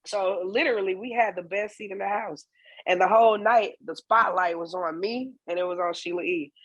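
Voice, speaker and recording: A woman guest on a casual podcast interview, a singer and percussionist telling stories in a lively way. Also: medium pitch, a little fast, no echo. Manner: lively storyteller, acts out dialogue.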